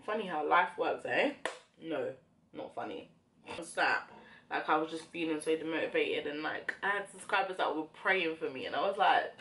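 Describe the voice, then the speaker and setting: A young woman vlogger chatting casually while doing her makeup, talking in a reflective, rambling way with many fillers. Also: deep voice. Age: young adult. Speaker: beauty vlogger.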